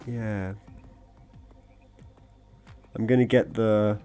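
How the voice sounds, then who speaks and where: A man in the middle of his range, drawling through casual game commentary with an unhurried pace. He rambles and jokes, often talking straight to the creatures on screen, with faint music underneath. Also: mid-range voice, lively intonation, darkish tone. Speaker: gaming video creator. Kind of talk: casual let's-play commentary.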